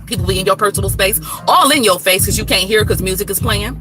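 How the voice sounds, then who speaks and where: Woman, singer, casual vlog talk, frank and animated, loud background music. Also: mid-range voice, fast talker. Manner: frank, animated, Black American vernacular phrasing. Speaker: singer and streamer. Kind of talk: casual direct-to-camera talk.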